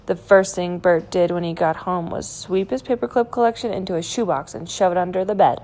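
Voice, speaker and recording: A woman reading a children's picture book aloud in a gentle, clear storytelling manner. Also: fairly low pitch, a little fast, few pauses. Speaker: storybook reader.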